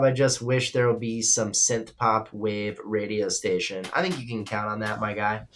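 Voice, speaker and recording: A man's voice: fairly low pitch, moderate pace, hardly any pauses. A man hosting a live-streamed show, chatting casually, reading viewer comments and giving loose, opinionated takes with free swearing. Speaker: livestream radio show host.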